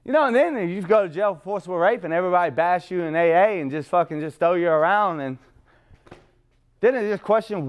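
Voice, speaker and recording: A man's voice: high-pitched, animated, fast talker, smooth. A middle-aged man speaking at a recovery meeting, rambling and blunt, swearing freely and laughing at himself. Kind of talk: profane, blunt recovery talk.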